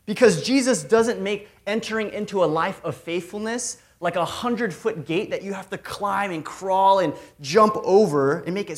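Emphatic preacher giving a sermon. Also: mid-range voice. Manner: emphatic, repeats key phrases, swings between loud and soft. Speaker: preacher, regional ministry director. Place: large room with a big audience.

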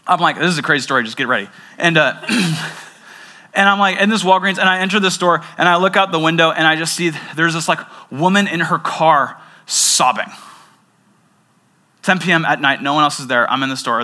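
A young man, a pastor, preaching a sermon and telling a personal story in an animated way, with frequent restarts. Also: on the high side.

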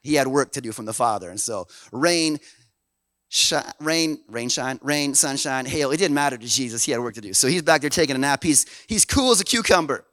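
A man from Canada preaching a sermon in an animated, folksy way, dropping low and then swelling loud. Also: a little fast, no echo. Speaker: pastor.

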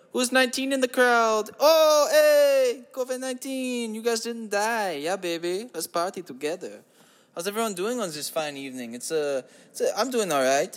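A man hosting a comedy podcast in a put-on sleazy crooning voice he calls an evil German accountant, stretching words and calling listeners baby. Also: high voice. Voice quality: mock German accent. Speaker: podcast host. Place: home basement.

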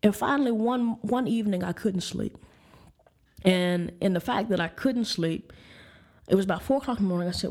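A woman's voice: medium pitch, brisk, a little mellow. A woman preaching and telling a candid personal story of frustration and faith, with restarts and light laughs. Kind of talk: personal testimony sermon.

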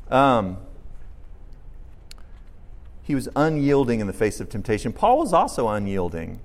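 A man preaching a sermon, asking his listeners questions and acting out the lines he quotes. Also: mid-range voice. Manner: animated preaching, asks the audience questions, acts out quotes. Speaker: pastor.

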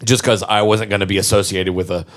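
A man in his forties, a musician from Memphis, telling profane, animated stories in casual chat. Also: fairly low pitch, quick pace. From Memphis, Tennessee. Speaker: musician guest.

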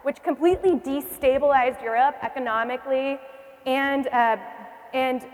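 A young woman teaches church history to a live class, her voice sitting high. She draws the room in with questions and repeats their answers back. Her words trail off into a long hall reverb. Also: moderate pace. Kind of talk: classroom lecture.

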